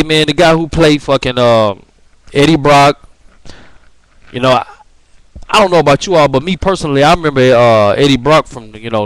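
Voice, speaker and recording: Young male vlogger, slightly high voice, dry close sound; rambling, profane, filler-heavy delivery. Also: dry recording, rough recording. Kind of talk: casual opinion rant.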